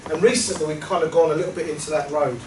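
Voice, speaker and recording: A man giving a reflective workshop talk to a group, earnest and halting, often trailing off softly. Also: on the high side, steady tone. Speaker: workshop presenter. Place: meeting room. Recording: echoey room from far off, noisy.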